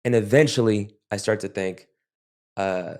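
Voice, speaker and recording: Male interview guest, lowish voice, reflective and halting. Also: a little mellow. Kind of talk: podcast interview.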